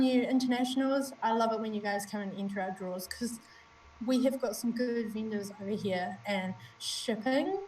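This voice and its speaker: A woman's voice: mid-range voice, far from the mic, slight background noise. Chatty New Zealand woman on a livestream. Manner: chatty, greets viewers by name. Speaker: livestream co-host. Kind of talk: casual live-stream chat. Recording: roomy, from off-mic, faint ambience.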